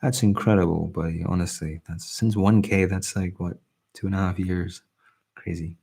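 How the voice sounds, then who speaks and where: A young man with a slight Scottish accent, hosting a relaxed livestream and chatting softly as he reads out and answers viewer comments. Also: low-pitched, moderate pace, gravelly, breathy edge. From Britain. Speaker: ASMR livestream host. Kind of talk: casual soft-spoken live chat.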